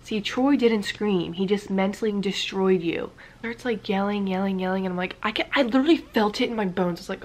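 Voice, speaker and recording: A woman's voice: medium pitch, a little fast, slight background noise. A woman vlogger telling a casual story-time tale, rambling with many fillers and dipping into whispers now and then.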